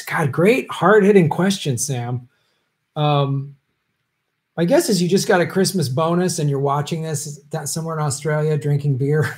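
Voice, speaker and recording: Rambling male livestream host. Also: a little high. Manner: rambling, many ums, chuckles, jokey asides. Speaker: show host answering viewer questions. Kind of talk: casual livestream chat.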